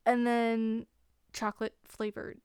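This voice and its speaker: A woman's voice: fairly high pitch, slow pace, smooth, no echo. A woman hosting a podcast, recapping a book in casual chat with sarcasm and frequent laughter, close to the microphone. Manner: sarcastic, laughs often, animated retelling. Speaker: podcast host.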